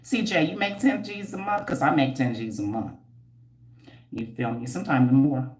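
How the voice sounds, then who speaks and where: A woman's voice: a bass voice, moderate pace, echoey room. A woman hosting a casual livestream, blunt, slangy and teasing, breaking into squeals and laughs as she reads viewer comments. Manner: animated and preachy, with frequent squeals and laughs. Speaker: livestream host and hair care entrepreneur.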